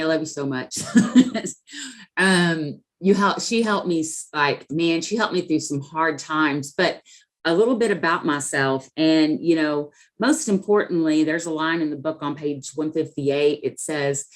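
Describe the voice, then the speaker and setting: Deep-ish middle-aged woman telling her story, earnest, lots of ums. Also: normal speed. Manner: earnest, emotional, many fillers. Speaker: guest. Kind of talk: personal recovery story.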